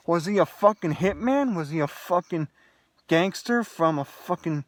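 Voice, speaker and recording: A young man delivers an agitated, expletive-heavy monologue straight to the viewer. His voice sits fairly high, and the recording is dry with no room echo. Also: lively intonation, moderate pace. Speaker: vlogger. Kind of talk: angry solo rant to camera.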